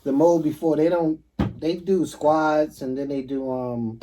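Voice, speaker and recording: A man hosting a casual chat, asking questions, trailing off while he searches for words and laughing loudly. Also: on the high side, steady tone, a little slow. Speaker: host. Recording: distant mic with faint noise.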